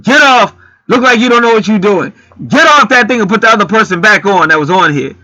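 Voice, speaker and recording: A man's voice: high-pitched, animated, fairly quick, sharp tone, voice pushed up, exaggerated voice, poor audio. A man voicing a pushy, demanding male store customer who gives fussy instructions, raised above his own voice. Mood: bossy.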